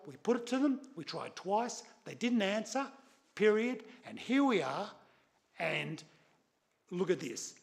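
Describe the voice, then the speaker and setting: A middle-aged man with an Australian accent argues firmly in a council chamber. His voice is heavily gravelly and sits a little high. He is insistent and keeps checking that people follow him. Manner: insistent, repeats "okay?" and "right?" to press points. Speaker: city councillor. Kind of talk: council meeting debate.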